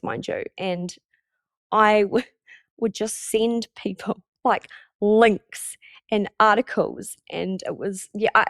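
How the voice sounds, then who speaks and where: A woman's voice: mid-range voice, no room sound, studio quality. A woman hosting a solo podcast, talking in a chatty, candid way and swearing casually. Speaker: podcast host.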